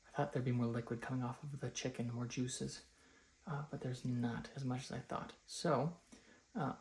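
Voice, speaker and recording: A man's voice: mid-range voice, steady tone, normal speed, darkish tone, echoey room. Chatty young man vlogging at home. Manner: rambling, chatty, filler-heavy. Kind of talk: casual home vlog. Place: home, rooms and stairs.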